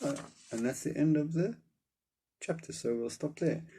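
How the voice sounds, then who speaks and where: Man reading a storybook aloud, relaxed, fillers and pauses, mellow warm voice. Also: a little high, husky. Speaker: reader. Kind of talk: reading a book aloud and translating it.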